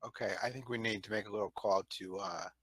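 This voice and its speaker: Dude at a tabletop game talking through options, bright lowish voice, dry. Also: male voice, steady tone, fairly quick, no room sound. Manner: thinks aloud, weighing options. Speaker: player. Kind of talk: casual tabletop game chat.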